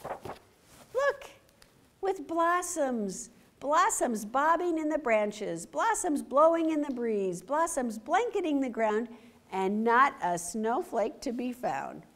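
A woman reading a picture book aloud to children, animated and stopping to ask them questions. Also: high-pitched, slow pace. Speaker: story time reader.

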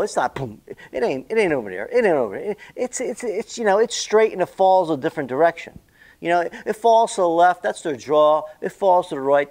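A man tells a long golf story in a loose, rambling monologue, swearing now and then. His voice sits a little high and swings widely up and down. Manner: rambling, animated, salty. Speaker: golf vlogger.

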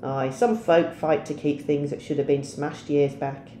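A woman voicing a calm, down-to-earth father in a storybook reading. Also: low-pitched, measured pace, roomy sound, a little hiss or hum. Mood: easy. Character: plain-spoken calm working dad.

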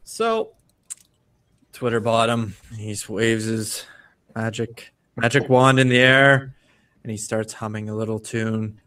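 A man running a tabletop role-playing game as game master, narrating the scene with lively storytelling. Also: lowish voice, slow pace, distant mic. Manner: lively storytelling, slipping into character voices.

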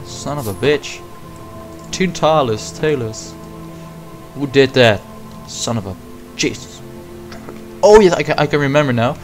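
A young man hosting a horror game let's play, yelping and swearing at scares, then dropping to a hush. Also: mid-range voice, animated, unhurried, pauses often, faint music behind. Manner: jumpy, yelps and swears at scares, then hushes.

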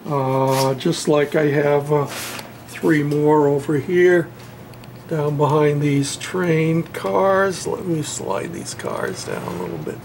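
A man talks slowly in a gravelly, fairly high voice, pausing often and filling gaps with "uh" and "um". He walks through his railroad backdrop in a relaxed show-and-tell. Faint room noise sits behind him in his home workshop. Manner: unhurried, halting, with many fillers. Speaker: model railroad hobbyist showing his painted backdrop.

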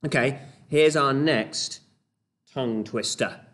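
A man's voice: mid-range voice, slow pace, a bit bright. A man leading an online children's club, playful and encouraging, with mock-exasperated exclamations.

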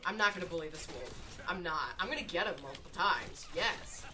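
A woman giving live gameplay commentary from home, excitable and swearing, drifting into self-mocking asides between plays. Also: on the low side, fairly quick, noisy background. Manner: excitable, swearing, shrieks at game moments. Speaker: gaming video creator. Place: room at home.

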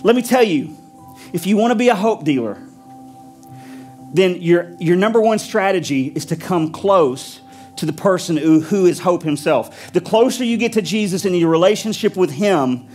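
A man preaching a sermon in a high, ringing voice, building each point through punchy repetition. Faint music plays underneath. He leads a prayer in the same high voice. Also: animated, moderate pace, darkish tone. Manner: emphatic, repetitive preaching cadence. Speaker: pastor.

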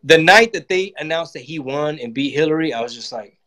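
A man's voice: a little high, expressive, a little fast, bright, forceful tone. A man giving a casual, profane political monologue and acting out quotes in voices. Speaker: comedian and channel host.

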